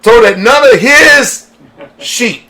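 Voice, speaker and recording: Pastor guy preaching hard on radio, high voice, keeps asking huh?. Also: slow, bright, forceful tone. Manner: emphatic preaching, rhetorical questions, call and response. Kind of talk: radio sermon.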